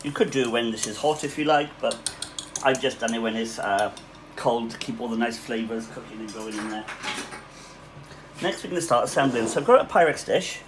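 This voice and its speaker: A man's voice: mid-range voice, a little fast, slight background noise, poor audio. A man with a Welsh accent who cooks at a cafe, talking through a recipe in his home kitchen in a chatty way, with fillers and asides. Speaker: cafe cook hosting a cooking tutorial. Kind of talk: casual cooking demonstration.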